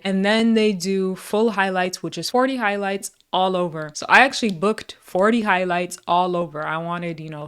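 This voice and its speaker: Glum young woman vlogging, smooth voice. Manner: low-energy, glum and confiding, with rueful laughs. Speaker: beauty vlogger. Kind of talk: casual vlog talk to camera.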